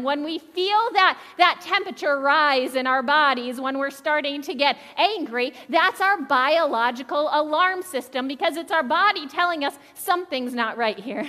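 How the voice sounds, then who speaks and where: A woman's voice: sits high, bright, forceful tone, in a large hall. A young adult woman pastor giving a conversational sermon, talking directly to the congregation with questions. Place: church sanctuary.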